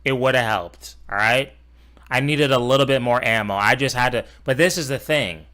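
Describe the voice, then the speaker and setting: Young guy streamer ranting at a video, cussing, sarcastic, bright punchy voice. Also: mid-range voice, moderate pace. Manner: profane, sarcastic, mocking. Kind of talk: casual reaction commentary.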